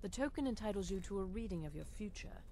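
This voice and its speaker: An actress playing a poised, calm female assassin handler in a game, giving orders in a measured, formal manner. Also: medium pitch, slight background noise, natural voice.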